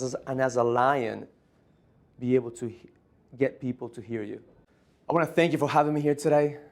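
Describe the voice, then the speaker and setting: A man's voice: mid-range voice, darkish tone. A man giving a motivational conference keynote, telling stories emphatically. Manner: emphatic storytelling. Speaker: motivational speaker.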